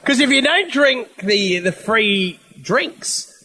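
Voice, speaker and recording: A man's voice: very high voice, very animated, slow, sharp tone, slight background noise. An Australian man co-hosting a comedy podcast, boisterous and swearing freely. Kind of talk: casual chat.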